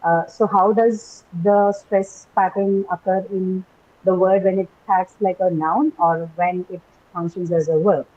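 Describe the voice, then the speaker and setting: A woman's voice: on the low side, fairly even intonation, a little slow, darkish tone. Woman teaching an online class, muffled audio. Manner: explanatory, many fillers and tag questions. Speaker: English teacher. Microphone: video call. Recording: dull lo-fi online call audio.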